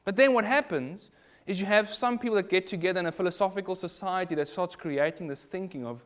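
A man with a South African accent preaching a sermon in an animated, rhetorical way. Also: sits high, fast. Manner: animated, rhetorical, mimics other voices in quotes.

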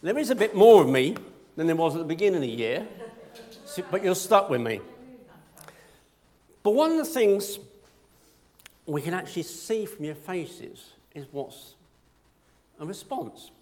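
Animated, high-voiced male preacher. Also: a little slow, pauses often. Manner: conversational, self-deprecating humor. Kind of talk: sermon.

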